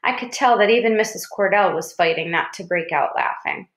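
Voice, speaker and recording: A woman narrating a children's novel in a measured storytelling voice. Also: medium pitch. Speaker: audiobook reader. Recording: roomy echo.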